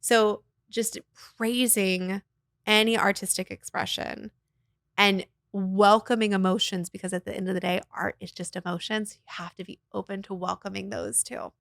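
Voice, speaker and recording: A woman talks in a relaxed interview as a voice teacher and guest. Her delivery is animated and expressive, with easy laughter, and her voice sits at an ordinary middle pitch. The sound is dry and close. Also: moderate pace, vocal fry, no room sound. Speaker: guest, voice teacher and arts nonprofit founder. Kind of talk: casual interview conversation.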